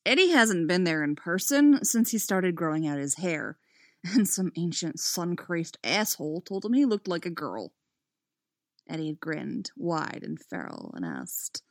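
A woman reading fiction aloud in an expressive way, dropping to a soft voice on the narration tags. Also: on the low side, unhurried, no room sound, clean studio sound. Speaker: storyteller.

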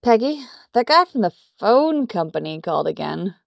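A woman's voice: mid-range voice, big pitch swings, normal speed, vocal fry, no room sound, clean studio sound. A woman voicing a chatty young waitress from New York who talks in a brassy, familiar way. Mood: teasing.

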